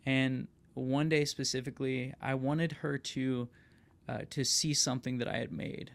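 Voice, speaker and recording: An earnest young man hosting a podcast, telling a personal story in a relaxed conversational way. His voice carries a gravelly, fry-laden edge at a medium pitch, and he keeps checking in with "right?". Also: normal speed. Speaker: podcast host and rapper.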